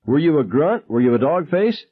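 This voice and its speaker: A man voicing a frantic teenage gunman who shrieks his questions in high, shrill bursts. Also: very animated, normal speed, breathy edge. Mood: shrill, menacing. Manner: high, shrill interrogating shouts. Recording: dull lo-fi sound.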